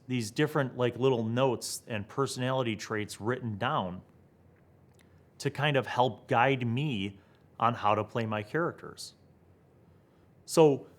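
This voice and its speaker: Excited man musing to camera. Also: medium pitch. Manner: excited, thinks aloud, rhetorical questions. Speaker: tabletop gaming video host. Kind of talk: animated solo talk to camera.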